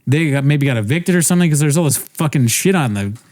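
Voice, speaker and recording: A man's voice: on the high side, expressive, quick pace, a little mellow. A young man on a podcast telling a rambling story in casual chat, interrupting himself and laughing often. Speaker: podcast co-host.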